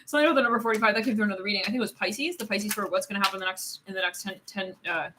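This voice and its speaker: A woman's voice: mid-range voice, racing, pushed and bright, a little hiss or hum. A woman giving a casual live tarot reading, rambling with many fillers, swearing and laughing often. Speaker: tarot card reader.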